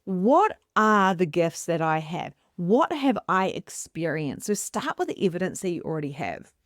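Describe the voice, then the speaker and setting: A woman's voice: fairly low pitch, normal speed, no echo, studio quality. A middle-aged woman, a psychic medium host, telling a story casually to the camera and acting out the voices she quotes. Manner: animated, acts out quoted voices.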